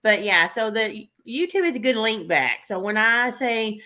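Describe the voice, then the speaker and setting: A woman's voice: on the high side, lively intonation, unhurried, sharp tone. A middle-aged woman with a country-sounding American accent, a food blogger chatting casually as a guest, rambling and laughing often. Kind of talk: casual interview chat.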